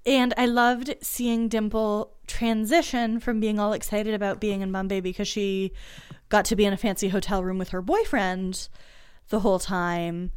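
A woman's voice: mid-range voice, darkish tone, clear, resonant tone. A woman co-hosting a casual book discussion, talking in an enthusiastic, emotional, chatty way. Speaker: podcast co-host.

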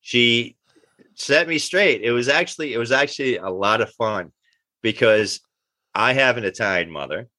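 A middle-aged man, telling animated anecdotes in an interview and acting out the dialogue he quotes. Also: medium pitch, no echo. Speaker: actor guest. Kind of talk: casual interview storytelling.

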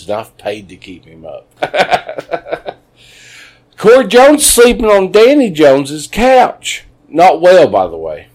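Man, lively up-and-down voice, crude rambling storyteller, casual podcast talk. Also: on the high side. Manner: rambling, profane, animated storyteller.

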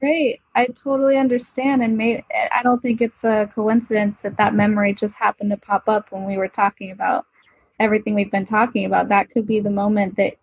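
Breathy woman, calm and insightful. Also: mid-range voice, fairly quick, no echo, dull audio. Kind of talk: casual podcast conversation.

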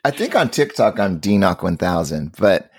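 A man's voice: sits low, very animated, normal speed, breathy edge, no echo, clean studio sound. A man guesting on a podcast as a teacher, chatting casually and upbeat, laughing often.

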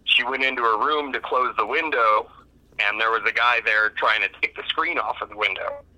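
A man's voice: mid-range voice, moderate pace, sharp tone. A man calling in to a radio show, telling a family story in a plain, matter-of-fact way. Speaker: caller. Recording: tinny phone line.

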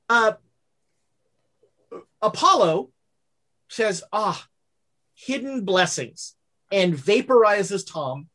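A woman's voice: on the high side, a bit bright. A woman narrating as game master of a tabletop game, rambling with fillers and corrections.

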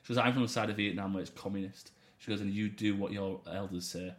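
Young guy, low voice, talks fast, swears a lot, casual podcast chat. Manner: animated storyteller, swears freely. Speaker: podcast host.

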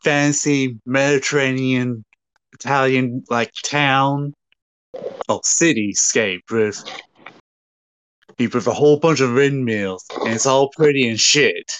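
A man co-hosting a casual podcast, talking through a story scene like camera directions, with halting restarts. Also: mid-range voice, fairly bright tone, a little hiss or hum. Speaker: podcast co-host.

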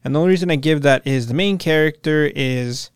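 Young man, podcast co-host, swears a lot, smooth clear voice, dry close sound. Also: fairly high pitch, fairly quick, no room sound. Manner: profane, animated retelling with quoted voices. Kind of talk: casual chat recapping a show.

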